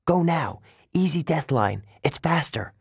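A man's voice: fairly high pitch, expressive, measured pace, creaky, husky, dry recording, clean studio sound, pitched above the performer's own voice, full character voice. A man reading an audiobook, voicing a confident young girl who gives firm, commanding orders. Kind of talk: audiobook character voice.

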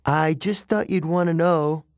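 A man's voice: fairly high pitch, unhurried, no echo, clean studio sound, voice pushed up. A man doing a jittery teen satyr. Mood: nervous. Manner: jittery, worried. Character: nervous teenage satyr boy.

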